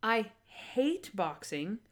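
A woman with a fairly high-pitched voice talks extremely slowly as she co-hosts a casual podcast reviewing a TV episode. Still, she's animated, acting out quotes amid many fillers.

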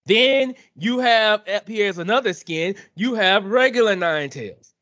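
Man, high voice, bright tone, animated exasperated rant, casual gaming chat, dull lo-fi dry recording. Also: a little slow, no room sound. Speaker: podcast co-host.

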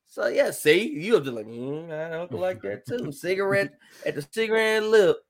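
A man hosting a casual podcast chat, telling animated stories and slipping into exaggerated voices. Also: high-pitched, a little fast. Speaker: podcast host.

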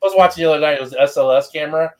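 A man hosting a podcast in casual chat, animated and acting out his reactions. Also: on the high side, racing. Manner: animated, acts out yelling at his phone. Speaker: podcast host.

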